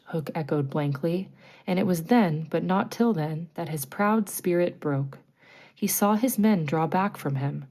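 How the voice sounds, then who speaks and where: A woman narrating a bedtime story, reading gently and clearly. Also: fairly low pitch, a little slow.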